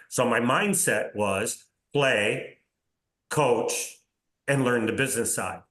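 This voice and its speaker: A man in his sixties, a podcast guest telling career anecdotes in a casual, animated way, often acting out reported dialogue and checking in with "right?". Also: medium pitch, takes it slowly. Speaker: interview guest, soccer league commissioner. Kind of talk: casual storytelling in a podcast interview. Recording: roomy echo.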